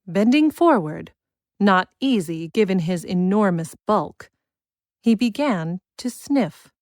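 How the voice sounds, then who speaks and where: A woman's voice: mid-range voice, no room sound. Woman narrating a storybook, dry and close. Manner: measured, expressive storytelling. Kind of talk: scripted audiobook narration.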